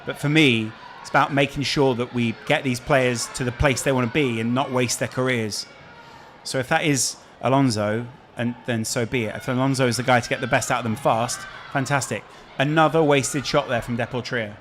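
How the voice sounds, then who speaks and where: A man's voice: mid-range voice, fairly even intonation, normal speed, a bit bright, a little hiss or hum. A man with a Scouse accent hosting a casual live stream, chatting and answering viewer questions. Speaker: streamer host.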